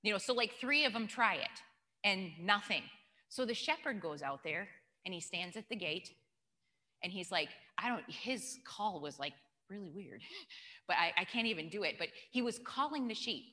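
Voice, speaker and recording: A woman's voice: mid-range voice, lively intonation, moderate pace, bright, forceful tone. A woman giving an informal church teaching talk, telling stories and asking the audience questions. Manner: chatty, storytelling, asks the audience questions. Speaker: church speaker. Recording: long hall reverb.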